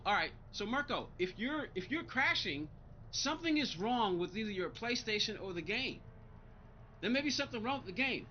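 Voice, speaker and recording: A man's voice: sits high, bright, forceful tone, lo-fi sound, slight background noise. A man live-streaming a racing game, chatting bluntly and with exasperation as he answers viewers' comments. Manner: blunt, exasperated, talks back to chat.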